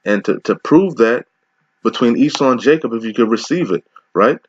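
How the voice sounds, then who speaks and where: A man's voice: mid-range voice, lively intonation, dull audio, a little hiss or hum. Casual, slangy man teaching scripture. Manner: casual slangy asides, profane, laughs often; slow deliberate scripture reading.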